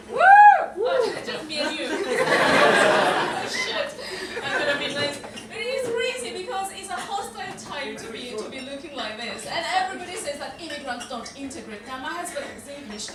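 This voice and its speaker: A woman from Africa performing a stand-up comedy set, laughing often as she lands animated punchlines. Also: very high-pitched, normal speed, hardly any pauses, over a noisy crowd. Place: comedy club stage. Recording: echoey club from a distance. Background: audience laughter.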